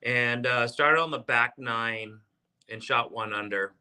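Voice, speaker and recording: A man's voice: medium pitch, takes it slowly, sharp tone, smooth. A man in his fifties from South Texas, a golfer guest telling stories with lots of restarts and fillers. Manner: rambling, many restarts and fillers. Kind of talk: casual storytelling.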